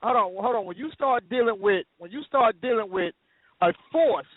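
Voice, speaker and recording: High-pitched man moderator, pushy and slangy, tinny phone line. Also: expressive, moderate pace, no room sound. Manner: interrupting, insistent, casual slang. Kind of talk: heated phone debate.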